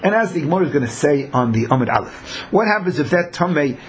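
A man's voice: on the high side, lively intonation, quick pace, slight background noise. A man teaching a Talmud class who acts out the people in his examples. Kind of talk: Talmud lecture.

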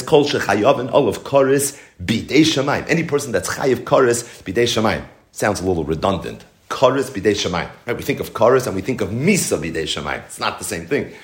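A man teaching a Talmud lesson in a lilt, explaining step by step and posing rhetorical questions. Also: mid-range voice. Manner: explanatory, rhetorical questions, mixes Hebrew and Yiddish terms. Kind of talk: Talmud study lecture.

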